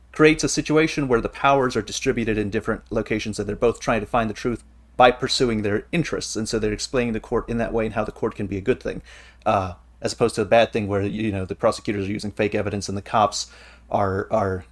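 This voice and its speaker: A man hosting a casual podcast chat, explaining things at length in an eager, rambling way. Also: lowish voice. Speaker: podcast host.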